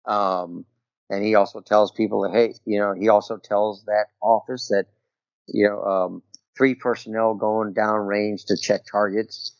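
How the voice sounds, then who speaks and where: A middle-aged military veteran telling a personal story as a podcast guest, talking loosely and peppering it with "you know" and "right?". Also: male voice, lowish voice, fairly even intonation, measured pace, gravelly, clear, resonant tone, dry recording. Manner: rambling, full of "you know" and "right?" tags. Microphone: remote call over Skype. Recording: dull, dry call audio.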